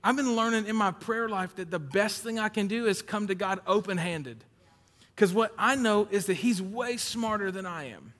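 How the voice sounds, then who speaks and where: A man preaching a sermon, shifting between loud emphatic points and low conversational storytelling. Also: normal speed. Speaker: pastor. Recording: long hall reverb.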